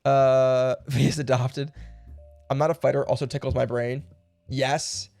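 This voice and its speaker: Young male streamer, thinking out loud, rambling, dry close mic, faint music behind. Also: mid-range voice, level tone, gravelly, dry recording. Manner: thinking aloud, rambling, quick laughs. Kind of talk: casual puzzle game livestream.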